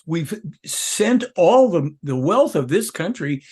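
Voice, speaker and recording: An older man talks as a guest in an interview, pressing his points hard and circling back to restart sentences. His voice sits a little high for a man and has a husky edge. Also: big pitch swings, slow pace, a little mellow. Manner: emphatic, rambling, with self-corrections. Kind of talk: conversational interview.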